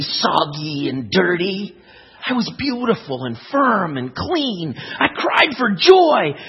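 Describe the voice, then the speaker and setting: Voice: mid-range voice, slightly rough, muffled recording, full character voice. A speaker voicing a talking clay vase that tells of its painful shaping in a children's story, crying out as it goes. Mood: amazed, relieved. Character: talking clay vase, proud, once suffering.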